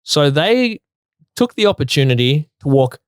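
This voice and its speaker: A man's voice: on the high side, big pitch swings, normal speed, smooth, no echo. Man retelling a story, dry and close. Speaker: co-host. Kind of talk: casual chat reading listener stories.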